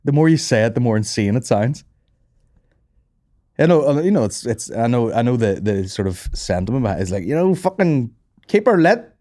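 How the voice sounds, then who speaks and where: A man's voice: mid-range voice, dark tone. Guy on a comedy podcast, sweary, rambly, cracks himself up. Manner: sweary, rambling, quick to laugh. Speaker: podcast host. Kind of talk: casual comedy chat.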